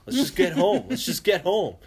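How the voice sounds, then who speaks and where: A man casually telling a story, acting out the quotes loudly and swearing often. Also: high-pitched, moderate pace, breathy edge. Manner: animated, acts out quotes with swearing.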